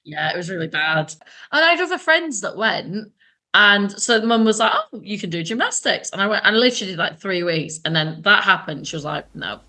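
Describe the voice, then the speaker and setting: A woman's voice: medium pitch, brisk. A young woman from England co-hosting a podcast, chatting casually and acting out voices in her anecdotes. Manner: animated, laughs often, acts out voices in anecdotes. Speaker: podcast co-host. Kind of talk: casual chat, storytelling.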